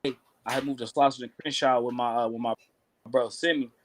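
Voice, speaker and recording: A man's voice: mid-range voice, steady tone, brisk, a little hiss or hum. A man in his thirties with a Kentucky Southern accent, a rapper telling stories in a casual interview, laid-back and full of slang. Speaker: rapper guest.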